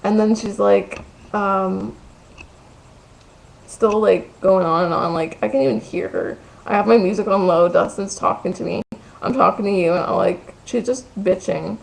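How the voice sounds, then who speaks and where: A woman's voice: mid-range voice, normal speed, creaky, low-quality recording. A woman vlogging from her bedroom, telling a gossipy, profane story full of "like" in a casual ranting way.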